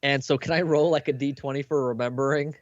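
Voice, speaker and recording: A man's voice: medium pitch, steady tone, fast talker, no echo. A man playing a tabletop game, talking loosely and jokingly, swearing now and then. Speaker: player. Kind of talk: casual tabletop play. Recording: dull, dry lo-fi stream audio.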